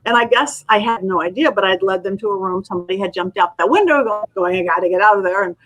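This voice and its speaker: Talking fast at medium pitch, a middle-aged woman guesting as a psychic medium recounts stories in a casual interview. She's an animated storyteller who voices the people in her tales, and the recording quality is low.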